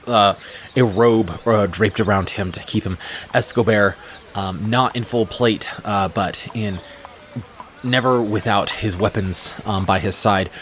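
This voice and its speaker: A man narrating as game master of a tabletop game, describing scenes in an unhurried way with frequent fillers. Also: fairly low pitch, a bit bright, slight background noise.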